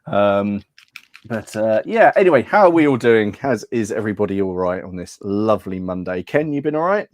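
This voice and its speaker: A man's voice: lowish voice, expressive, moderate pace, a little mellow, no room sound, clean studio sound. A man hosting a hobby podcast in a casual, chatty way, reading out names, teasing his co-hosts and laughing often. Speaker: podcast host.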